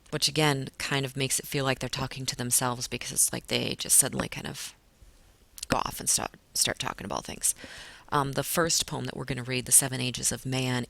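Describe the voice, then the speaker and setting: A young woman teaching a class, her voice bright and clear. She explains patiently, now and then slowing down to stretch out a word. A classroom lecture style with plenty of "um"s. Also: a bass voice, dry recording. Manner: patient explaining, stretches words to show stress.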